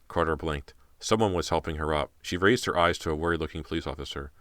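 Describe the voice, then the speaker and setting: A man's voice: very deep voice, quick pace, fairly bright tone, no echo, clean studio sound. A man narrating an audiobook in a tense, dramatic way. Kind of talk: scripted narration.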